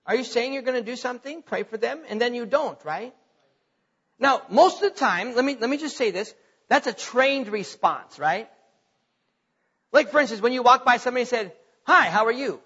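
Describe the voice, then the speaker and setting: High-voiced pastor preaching in an echoing hall. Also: male voice, animated, normal speed, fairly bright tone, breathy edge, dull audio. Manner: conversational preaching, rising to emphatic when quoting scripture. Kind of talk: sermon.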